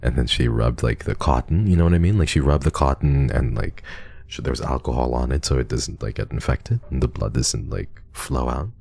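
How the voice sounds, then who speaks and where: A man's voice: a bass voice, fairly quick, vocal fry, a little mellow, breathy edge. A man streaming live, chatting casually and telling a rambling story with lots of restarts. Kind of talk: casual livestream chat.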